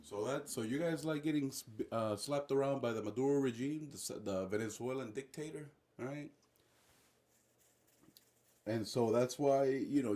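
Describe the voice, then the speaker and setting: A man's voice: mid-range voice, normal speed, darkish tone. Male streamer, mid voice, casual profane political rant, rambling. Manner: profane, rambling, keeps calling viewers guys and bro. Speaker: livestream political commentator.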